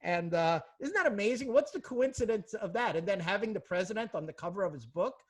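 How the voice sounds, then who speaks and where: Upbeat, lively woman hosting a webinar. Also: medium pitch, fairly quick, breathy edge. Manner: upbeat, salesy, enthusiastic. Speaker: host, practice coach. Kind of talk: live webinar Q&A. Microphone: video call.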